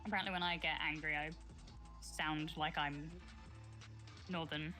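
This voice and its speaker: Bright blunt woman with a Sheffield-area accent. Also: low voice, fairly even intonation, soft background music. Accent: Northern English, Sheffield area. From northern England, near Sheffield. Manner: blunt, sweary, quick to laugh. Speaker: co-streamer guest. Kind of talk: casual chat on a livestream.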